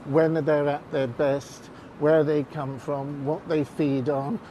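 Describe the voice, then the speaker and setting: Male chef interviewee, higher voice, emphatic, recorded outdoors amid traffic. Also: level tone, slow pace, mellow, rough recording. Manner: passionate, emphatic, repeats words. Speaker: chef and food writer.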